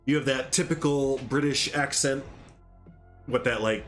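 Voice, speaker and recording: Man, Chicago accent, rapid casual streamer chat, frequent laughs, mid pitch, soft music underneath. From American Midwest. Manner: fast-talking, chatty, laughs often.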